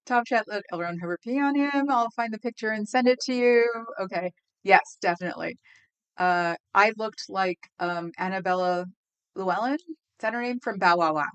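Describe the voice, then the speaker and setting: A woman's voice: medium pitch, a bit bright, clean tone. Chatty woman live-streaming to viewers. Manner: rambling, chatty, quick to laugh; talks to viewers in chat. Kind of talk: casual live-stream chat.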